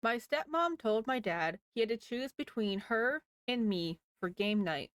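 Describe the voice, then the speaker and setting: A woman's voice: fairly high pitch, animated, unhurried, no echo. Chatty woman reading stories aloud. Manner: chatty, wry asides to the listener. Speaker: reader of online posts. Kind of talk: casual story reading.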